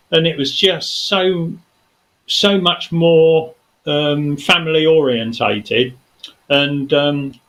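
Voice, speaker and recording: Guy rambling thru an old racing story, kinda high voice, lots of ums and restarts. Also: a bit bright, low-quality recording. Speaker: studio guest. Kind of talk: casual chat. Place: TV studio.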